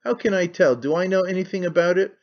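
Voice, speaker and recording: A man's voice: sits high, fast talker, pitched above the performer's own voice. A man reading aloud who voices a sick young woman in labour, scornful and in pain, in a dull lo-fi recording. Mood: angry, anguished. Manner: scornful and imperious.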